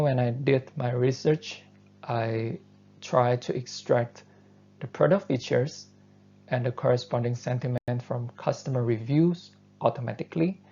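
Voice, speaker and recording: A man who is not a native English speaker, giving a university lecture and explaining step by step, often pausing on fillers. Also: mid-range voice, creaky. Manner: thoughtful, steady explaining with frequent fillers. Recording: dull lo-fi lecture recording.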